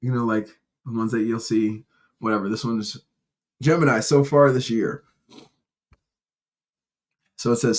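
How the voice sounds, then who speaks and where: A man's voice: mid-range voice, steady tone, unhurried, long pauses. A man hosting a casual solo podcast, telling personal stories in a rambling, candid way with restarts and casual profanity. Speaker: podcast host.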